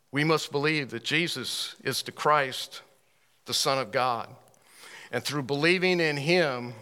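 A man preaching a sermon to a room of listeners, reading scripture with rising emphasis, asking pointed questions, and often clearing his throat. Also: medium pitch, sharp tone. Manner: asks the audience pointed questions. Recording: long hall reverb.

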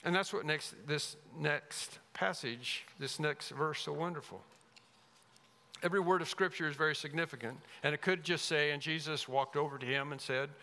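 A man preaching an expository sermon as pastor, emphatic, rising loud then dropping to a hush. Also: on the high side, normal speed. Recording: long reverb of a large hall.

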